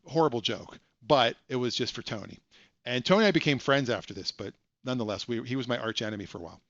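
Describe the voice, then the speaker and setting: A man's voice: medium pitch, lively intonation, fast, a bit bright, dry recording, lo-fi sound. A man hosting a live stream from home at his computer, telling a story with joking asides. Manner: chatty, self-deprecating, joking asides. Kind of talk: casual storytelling.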